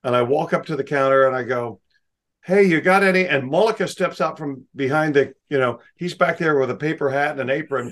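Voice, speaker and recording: A man, a magician, telling lively anecdotes as an interview guest. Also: mid-range voice. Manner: lively, doing quick voices for others. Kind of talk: anecdotal storytelling.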